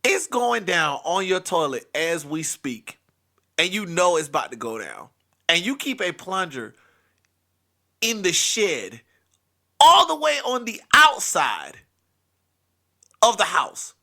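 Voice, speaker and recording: A man hosting a comedy podcast and telling a family story with animated, emphatic swings in loudness. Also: on the high side, measured pace. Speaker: podcast host.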